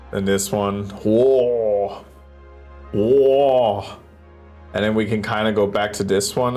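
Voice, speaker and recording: Streamer, casual live-stream chatter, swears freely, goofy beeps and sound effects, lively pitch, unhurried, faint music behind. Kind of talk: live stream banter while building a stage.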